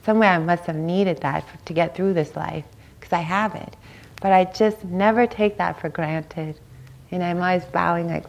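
A woman's voice: on the low side, moderate pace, vocal fry. Woman giving a conversational dharma talk. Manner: warm conversational, seeks agreement with "right?". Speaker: meditation teacher. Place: meditation center hall.

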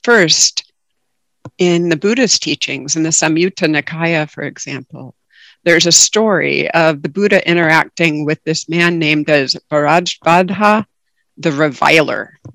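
A woman giving a calm, reflective dharma talk as a guest meditation teacher over a video call. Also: sits low, measured pace, creaky, no room sound.

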